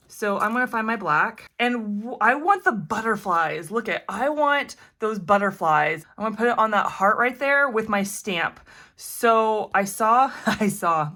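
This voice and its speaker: A woman vlogging as she makes resin jewelry, chatty and excitable, often gasping and laughing as she works. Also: medium pitch. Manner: chatty, excitable, gasps and laughs while working. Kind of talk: casual crafting tutorial chat.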